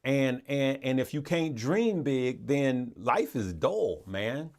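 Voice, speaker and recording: A man's voice: mid-range voice, animated, slow pace, a little mellow. A man hosting a live stream, chatting casually with viewers in an earnest, motivational way, rambling with frequent restarts and repeated words. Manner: rambling and repetitive, with restarts and stammers. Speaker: livestream host.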